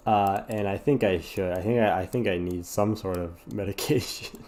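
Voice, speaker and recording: A man's voice: sits low, normal speed, darkish tone, a little hiss or hum. A sleepy man chatting casually while playing a puzzle game, rambling, apologetic and swearing often. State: yawning, sleepy. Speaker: gaming streamer.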